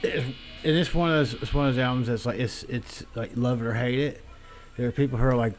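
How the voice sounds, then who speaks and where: A man hosts his own show alone, rambling through a profane monologue with lots of "you know" and "like". His voice sits at an ordinary middle pitch, and he wanders from tangent to tangent in a crude, offhand way. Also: fairly even intonation, a little fast, faint music behind. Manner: crude, meandering, many fillers. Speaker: podcast host.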